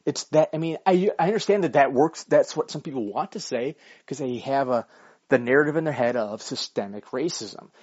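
In a dull lo-fi recording, a vlogger rants profanely and argumentatively while out with his dog, keeping it blunt and casual. He speaks a little fast in a medium-pitched voice that is husky and slightly mellow.

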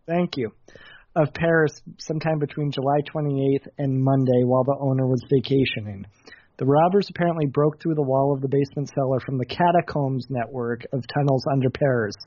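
A man's voice: mid-range voice, fairly even intonation, a little fast, no room sound. A man hosting a comedy show, reading news stories in a matter-of-fact way with occasional stumbles. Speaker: host. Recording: dull lo-fi recording, dry.

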